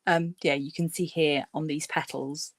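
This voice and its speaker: A woman's voice: sits low, level tone, normal speed, no room sound. A woman hosting a crafting livestream, chatting casually with many fillers while she paints and murmurs to herself.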